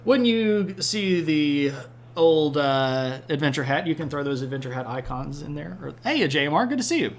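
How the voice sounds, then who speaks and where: A man's voice: on the high side, expressive, moderate pace. A man from the Southern United States giving a casual, rambling live-streamed history lecture, breaking off to chat with his audience. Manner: rambling, chatty, responds to chat with asides.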